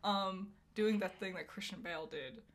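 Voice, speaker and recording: A woman's voice: mid-range voice, normal speed. A woman co-hosting a podcast, chatting casually with many fillers and frequent laughs. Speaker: podcast co-host. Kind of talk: casual chat.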